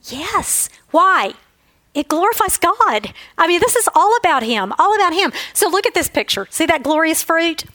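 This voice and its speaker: Woman Bible teacher, high voice, earnest storytelling, dry sound. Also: big pitch swings, moderate pace, pushed and bright, dry recording, rough recording. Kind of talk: devotional teaching talk.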